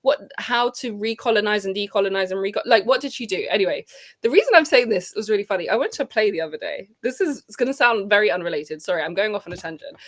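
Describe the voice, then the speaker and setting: Animated woman. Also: medium pitch, fast. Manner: animated, swearing, goes off on tangents. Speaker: co-host. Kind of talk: casual banter.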